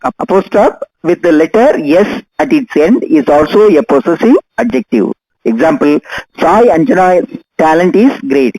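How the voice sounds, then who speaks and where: An older man, teaching a grammar lesson patiently and repeating each example slowly. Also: on the high side, darkish tone, dry recording, poor audio. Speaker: English teacher.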